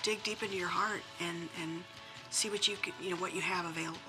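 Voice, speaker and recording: Earnest woman, lowish voice, donation appeal over music. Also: steady tone, quick pace. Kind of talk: interview.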